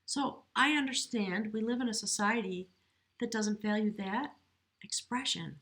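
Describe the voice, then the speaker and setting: A woman's voice: mid-range voice, fairly bright tone. Emotional woman giving a tarot reading. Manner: earnest, emotional, slow and reflective with pauses. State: choked up with emotion. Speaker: tarot reader. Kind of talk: spiritual tarot reading to camera. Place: home, near a window.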